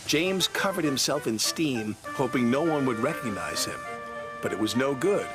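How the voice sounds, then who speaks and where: Man, storybook narration, lively pitch, music behind. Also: normal speed.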